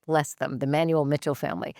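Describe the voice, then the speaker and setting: A woman therapist from Massachusetts, a guest on a podcast, who talks in an animated, laughing way and tells stories with enthusiasm. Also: sits low, fast talker, no room sound, clean studio sound. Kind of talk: casual podcast interview.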